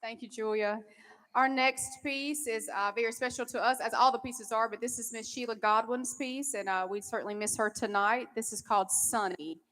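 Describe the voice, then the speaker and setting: A woman's voice: a little high, steady tone, normal speed, fairly bright tone. A woman hosting a charity auction, upbeat and encouraging as she introduces pieces and opens bids. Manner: upbeat and encouraging, thanking donors. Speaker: event host. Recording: reverberant event hall.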